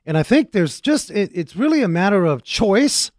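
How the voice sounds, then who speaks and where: High, lively man hosting a car radio show. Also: normal speed, no echo, studio quality. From Arizona. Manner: energetic, jokey and talkative.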